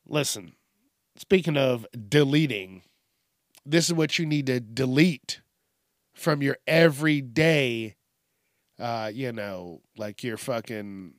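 A man with a mid-range voice hosts a casual solo podcast, recorded at studio quality on a studio microphone with no room sound. He rambles, swears, and laughs often, his speech carrying a slight Southern twang.

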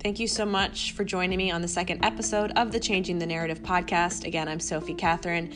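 A woman's voice: fairly low pitch, little pitch movement, fast talker, hardly any pauses, music in the background. A woman hosting her own podcast, telling a personal story in a casual, chatty way full of fillers. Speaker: podcast host.

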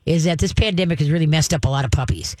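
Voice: medium pitch, racing, darkish tone, dry recording. A dog trainer giving advice in conversation, emphatic and hands-on, often checking in with "all right?" and acting out growls and commands.

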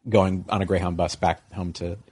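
A middle-aged man rambles through a long story in casual conversation, peppering it with "like" and "you know" and jumping into high, mocking voices to quote people. His delivery is flat, slightly mellow and moderately paced.

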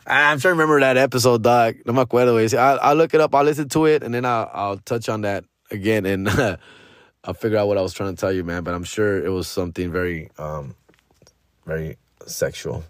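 A man's voice: fairly low pitch, fairly quick, fairly bright tone, no echo, clean studio sound. A man, hosting a podcast in a casual storytelling monologue, slangy and profane, often chuckling. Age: 40s. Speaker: podcast host.

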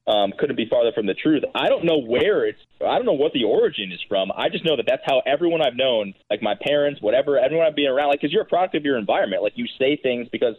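A man's voice: mid-range voice, expressive, fast, hardly any pauses, breathy edge. A man co-hosting a casual podcast, talking in a rambling way full of fillers. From Connecticut, USA. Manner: rambling, filler-heavy talk. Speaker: podcast co-host. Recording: phone-like narrow sound.

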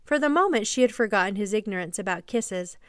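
A woman narrating a classic children's story as a podcast storyteller, gently and evenly paced. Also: medium pitch, animated, a little fast, dry recording, clean studio sound.

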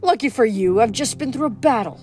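A woman's voice: a little high, animated, brisk, a little mellow, lightly acted. A woman voicing a fussy, pompous male statue god who scolds and talks down to everyone. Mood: indignant. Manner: scolding, indignant.

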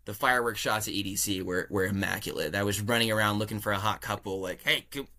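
A young man from California, a podcast guest telling a story in a casual, animated way, often laughing and acting out what people said. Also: lowish voice, quick pace.

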